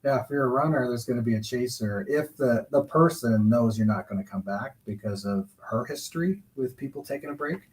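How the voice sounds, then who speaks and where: A man speaking as a guest counselor, explaining relationship advice in a measured, reflective way. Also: medium pitch, a little mellow, rough recording. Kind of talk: calm advice-giving talk.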